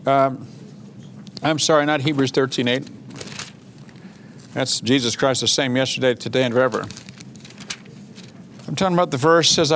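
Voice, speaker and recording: A man's voice: on the high side, a little hiss or hum. A man preaching a sermon, reading scripture with mounting emphasis and breaking into chatty asides. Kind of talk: sermon teaching.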